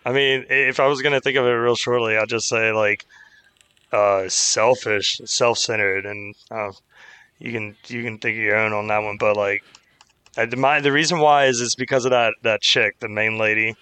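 Guy with a bright voice ranting casually about a horror flick, cussing, dry close mic. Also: medium pitch, moderate pace, smooth, dry recording. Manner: animated, swearing, mocking impressions of characters. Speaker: podcast co-host. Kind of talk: casual movie review chat.

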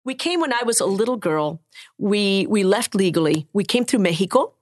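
A woman's voice: medium pitch, expressive, moderate pace, no echo, studio quality. A woman in her sixties from Cuba, a storyteller and author whose first language is Spanish, telling a personal story on a podcast and slipping into the voices of the people she quotes.

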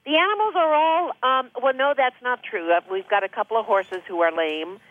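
A woman's voice: a little high, fairly quick, dry recording. Chatty woman on a tinny phone line. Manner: chatty, hesitant with many fillers. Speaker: phone-in guest. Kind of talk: casual chat. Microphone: telephone.

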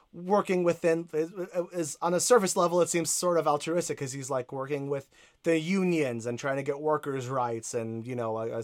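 A man in casual conversation about a video game, rambling with lots of fillers and asides. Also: medium pitch.

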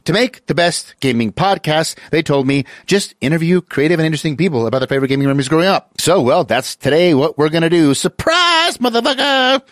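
A man hosting a gaming podcast, theatrical and playful, swinging into booming mock-solemn and jokey voices. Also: quick pace, hardly any pauses, no echo. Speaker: podcast host. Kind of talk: casual podcast intro.

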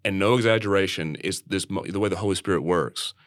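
Deep-voiced church podcast guy telling a story, earnest, stumbles and repeats words, dry close mic. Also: quick pace, no echo. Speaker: church leader and podcast co-host. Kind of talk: candid conversational storytelling.

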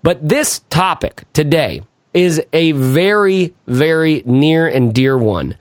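A man hosting a podcast in a casual, energetic monologue, playful and hamming it up, and often asking "right?" and "why?" as he talks. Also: on the high side, slow, dry recording, clean studio sound. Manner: playful, hams it up. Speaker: podcast host.

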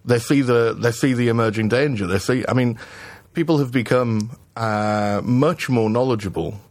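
A man's voice: medium pitch, normal speed, darkish tone, dry recording. A man co-hosting a podcast in casual chat, joking, laughing and sometimes swearing. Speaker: podcast co-host.

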